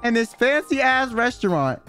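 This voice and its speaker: A man telling an animated, slang-filled story in casual chat, swearing freely and acting out what people said. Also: very high-pitched, normal speed, soft background music. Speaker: streamer guest telling a story.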